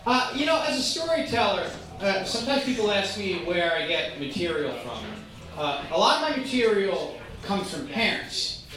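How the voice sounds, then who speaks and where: A stand-up comedian telling a wry, animated story to an audience, with frequent ums and uhs. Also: medium pitch, normal speed, crowd noise. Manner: animated, wry, uses many um and uh. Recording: echoey room, far-off mic, faint ambience.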